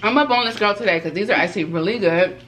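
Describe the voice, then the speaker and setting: A woman's voice: medium pitch, rapid-fire, a bit bright, a little hiss or hum. Emphatic woman giving big-sister advice. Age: older than 22. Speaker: food vlog host. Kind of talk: casual mukbang chat.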